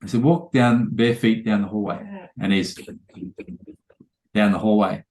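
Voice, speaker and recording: A man's voice: on the low side, fairly even intonation, unhurried, darkish tone, roomy sound. A man, a trainer telling rambling anecdotes full of quoted dialogue in a casual podcast interview.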